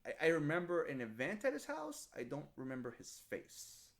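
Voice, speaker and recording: A man, telling stories in a relaxed podcast chat and often saying "dude". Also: on the high side, moderate pace, vocal fry. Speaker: podcast co-host. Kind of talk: casual chat.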